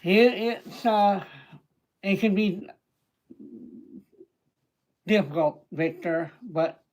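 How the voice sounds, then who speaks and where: A man hosting a casual livestream, chatting and greeting viewers by name, with hesitant fillers and frequent throat-clearing. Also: sits high, extremely slow, darkish tone, low-quality recording. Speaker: livestream host.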